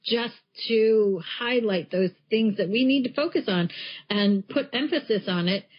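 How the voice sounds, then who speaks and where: A woman's voice: mid-range voice, measured pace. Frank emphatic woman, lo-fi audio. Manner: frank, emphatic, swears freely. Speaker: podcast co-host and life coach. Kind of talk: casual chat. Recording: muffled lo-fi podcast audio.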